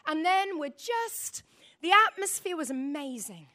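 A woman's voice: high voice, big pitch swings, unhurried, fairly bright tone. A middle-aged woman preaching a sermon, telling a personal story in a rambling, emotional way and calling on the congregation to repeat words.

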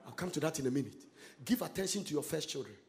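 A man preaching a sermon, swinging between quiet asides and loud, sung-out lines. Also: on the high side, expressive, fast, gravelly. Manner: emphatic preaching with sudden shouted, sung-out phrases and laughter. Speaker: pastor.

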